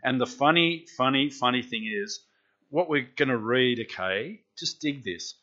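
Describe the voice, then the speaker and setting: A man preaches in a church and keeps asking the congregation questions. His voice is bright and lively. The recording sounds dull and lo-fi. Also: medium pitch, a little slow. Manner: chatty, asks the congregation questions. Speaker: pastor. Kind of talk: interactive sermon.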